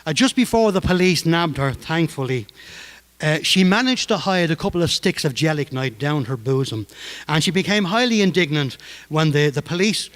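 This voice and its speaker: A man's voice: fairly high pitch, moderate pace. Older man telling stories. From Ireland, Dublin. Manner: humorous, lively. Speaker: storyteller. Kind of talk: anecdotal storytelling.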